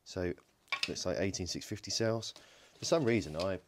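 A low-pitched man at a moderate pace narrates a battery pack teardown for his DIY electronics channel, with a noisy background around him. It's a casual, hands-on session in his home workshop, full of jokes, thinking out loud, ums, and self-corrections.

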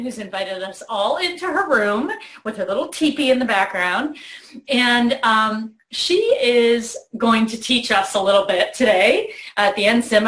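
Middle-aged lady host, animated storyteller, kinda high voice, roomy bedroom sound. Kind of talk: warm storytelling to a child on video. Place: child's bedroom.

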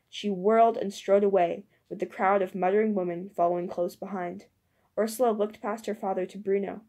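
Mellow-voiced woman audiobook narrator. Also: medium pitch, steady tone, normal speed, creaky. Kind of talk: audiobook reading.

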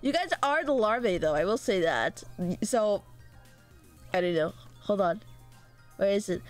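A woman's voice: mid-range voice, lively intonation, measured pace, soft background music. Giggly, rambling young woman streamer. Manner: rambling, giggly, chatting with viewers. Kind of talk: casual livestream chat.

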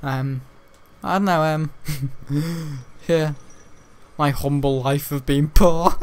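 A man's voice: fairly high pitch, drawn-out words, long pauses. Jokey man rambling over gameplay. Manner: rambling, jokey, laughs often. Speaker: gaming channel host. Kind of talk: casual gameplay commentary.

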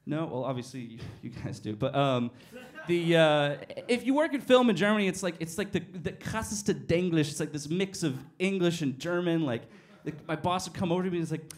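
A man telling stand-up stories on a small cafe stage, animated and swearing freely as he acts out each scene. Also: a little high, fairly quick. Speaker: stand-up comedian. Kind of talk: stand-up storytelling.

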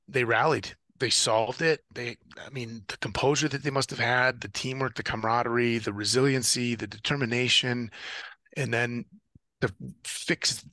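A medium-pitched man, a guest who rows oceans and once served as a Marine officer, tells ocean rowing race stories in a casual interview, with a dry recording. He plays out the radio calls and other voices with animated flair.

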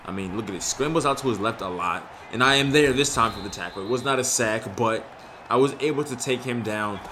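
Excitable young man narrating his gameplay. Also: medium pitch, brisk, a little hiss or hum. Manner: excitable, frustrated, slangy. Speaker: gaming YouTuber. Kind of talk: casual gameplay commentary.

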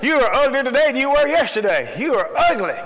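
A man's voice: very high voice, big pitch swings, fast, fairly bright tone, voice pushed up, exaggerated voice. A man voicing a rude talking pet-store parrot that taunts a customer. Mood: taunting. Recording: reverberant church hall.

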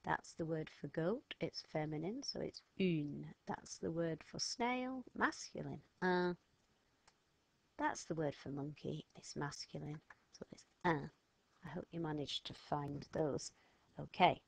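A woman's voice: low-pitched, vocal fry, husky. Patient woman teaching children. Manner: patient, sounds words out slowly and emphatically. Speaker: French teacher. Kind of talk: recorded language lesson for children.

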